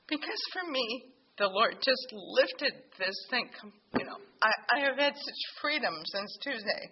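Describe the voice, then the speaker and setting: A woman's voice: fairly high pitch, animated, a little slow, hardly any pauses. Woman telling her faith story to the group, all heartfelt and emotional, dull lo-fi sound w/ faint hiss. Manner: heartfelt, emotional, reads scripture aloud. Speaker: bible study group member. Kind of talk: personal testimony in a group.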